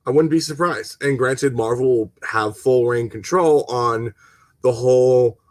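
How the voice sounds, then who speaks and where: Man, casual stream host, angry rant, lots of swearing and stammered restarts, reacts to chat, dry sound, mid-pitched. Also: unhurried, a little mellow, dry recording. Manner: talks to viewers and reads chat comments. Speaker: gaming channel host.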